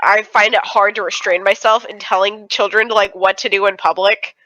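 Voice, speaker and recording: A young woman co-hosting a casual podcast, joking with quick quips and laughing. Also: medium pitch, fairly even intonation, bright, forceful tone, lo-fi sound. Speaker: podcast co-host. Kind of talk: casual chat.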